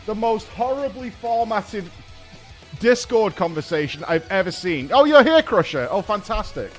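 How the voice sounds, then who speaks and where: A man rants on a casual stream, swearing freely and mocking himself with sardonic humor. His voice sits high and swings wildly up and down. Faint music plays underneath. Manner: profane, ranting, sardonic, laughing at himself.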